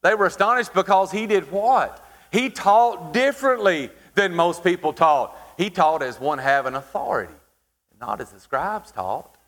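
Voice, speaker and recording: High-voiced preacher in a reverberant hall. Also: male voice, animated, a bit bright. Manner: preaching with rhetorical questions and dramatic pauses. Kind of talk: sermon.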